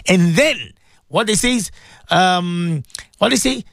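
A man's voice: high voice, animated, takes it slowly, gravelly, a bit bright, no echo, clean studio sound. A man preaching on the radio, addressing his listeners directly, emphatic and repetitive. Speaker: religious radio presenter. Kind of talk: impassioned radio sermon.

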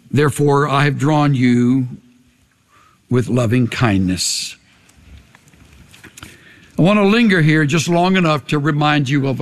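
An older man preaching a sermon as a pastor, earnest, swinging between hushed and raised delivery. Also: fairly high pitch. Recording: long hall reverb.

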